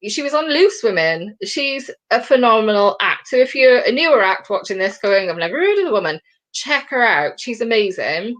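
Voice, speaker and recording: A woman hosting a comedy chat show, her voice sitting a little high and swinging widely from low grumbles to squeaky peaks. She talks in an animated, chatty way, breaking off into quick impressions. It sounds like a video-call mic. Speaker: co-host of a comedy podcast. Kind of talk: casual chat.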